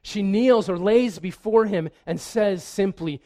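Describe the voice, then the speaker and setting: A man's voice: sits high, unhurried, dark tone. A man preaching a sermon in an earnest way, often repeating a word as he restarts. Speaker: pastor.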